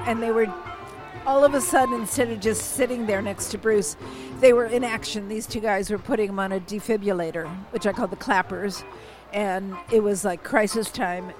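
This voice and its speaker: An older woman calmly telling a personal story in a conversational way, with many fillers and restarts. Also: mid-range voice, rough recording.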